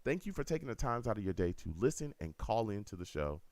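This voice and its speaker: A man hosts a fan call-in show with a very low, deep voice. He talks to listeners in an animated, repetitive way. The sound is dry and close, with no room echo. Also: fast. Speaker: host of a fan radio show. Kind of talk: casual call-in show talk.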